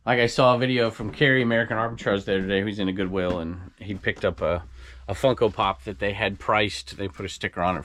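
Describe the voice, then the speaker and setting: A man's voice: fairly low pitch, fairly bright tone. Opinionated man in a rambling vlog. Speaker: reseller vlogger. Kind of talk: casual talking-to-camera vlog.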